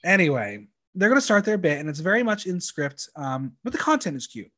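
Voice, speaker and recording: A chatty young man with a fairly high voice hosts a casual podcast. He recaps episodes in a campy, playful way and drops in plenty of ums along the way. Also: sing-song, brisk, a bit bright. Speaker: podcast host recapping a reality show. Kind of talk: casual chat.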